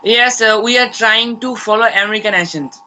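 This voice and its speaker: A student guest on a video call, speaking carefully and haltingly with frequent fillers. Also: medium pitch, pushed and bright, rough recording. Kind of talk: casual conversation practice.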